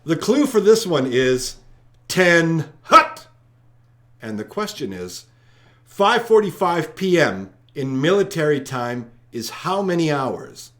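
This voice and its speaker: A man's voice: fairly high pitch, sing-song, unhurried. A man hosting a live-streamed trivia night, talking chattily and straight to his viewers. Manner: chatty, addressing viewers directly. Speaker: trivia host.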